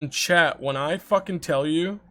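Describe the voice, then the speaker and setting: A young adult man streaming, telling stories to his chat in an animated, laughing way with frequent swearing. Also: a little high, unhurried. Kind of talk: casual storytelling to chat.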